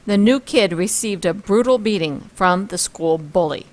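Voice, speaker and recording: A woman's voice: medium pitch, lively intonation, moderate pace. A woman teaching a vocabulary lesson, reading words and example sentences aloud and commenting on pictures. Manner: reads word lists and example sentences, then comments on pictures.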